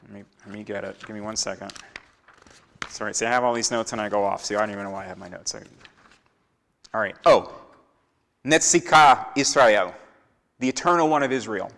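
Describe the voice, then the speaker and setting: A man's voice: lowish voice, brisk, pauses often, a bit bright. A man teaching a Bible lesson in a church, acting out the lines of biblical characters as he tells the story. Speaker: Torah teacher. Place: church sanctuary. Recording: echoey hall with long reverb.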